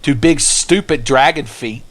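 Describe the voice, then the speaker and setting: A man's voice: medium pitch, measured pace, fairly bright tone. A man giving crude, joking let's-play commentary while gaming, slipping into silly voices for game characters. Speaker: gameplay commentator.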